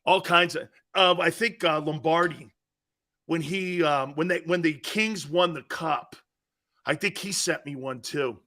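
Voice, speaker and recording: A man hosting a live sports talk show, telling stories in an animated, rambling way with many asides. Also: fairly high pitch, unhurried. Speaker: sports talk radio host.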